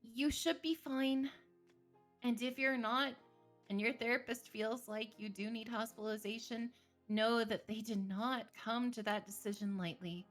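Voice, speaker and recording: A woman's voice: on the high side, steady tone, unhurried, fairly bright tone, faint music behind. A woman therapist, a streaming guest, talking candidly about mental health with frequent laughter and jokes. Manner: candid, joking, laughs often. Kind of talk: livestream conversation.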